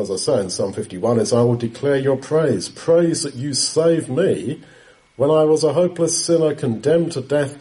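Mellow-voiced man teaching scripture. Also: medium pitch, rough recording. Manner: unhurried, explanatory, quotes scripture often. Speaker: preacher. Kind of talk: Bible teaching talk.

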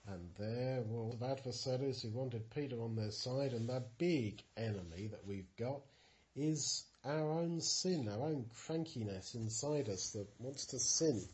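A man reading and explaining a Bible story to a child in a lively storytelling manner. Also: medium pitch, unhurried. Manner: animated storytelling, simple explanations.

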